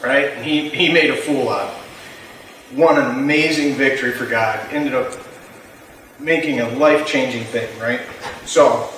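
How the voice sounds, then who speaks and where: A man preaches to a youth group in a relaxed, conversational way and keeps asking his listeners to follow along. His voice sits at an everyday pitch and rings through a very echoey room, picked up from a distance with a faint hiss behind it. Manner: conversational, often checks in with the audience. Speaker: youth pastor. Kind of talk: casual youth sermon with scripture reading. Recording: very echoey room, mic far off.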